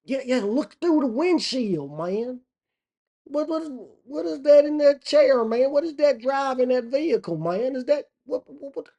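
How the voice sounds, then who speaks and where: A man voicing an excitable rural onlooker who stammers in disbelief at what he sees. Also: unhurried, vocal fry, full character voice. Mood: incredulous. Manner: shrill, incredulous, stammering.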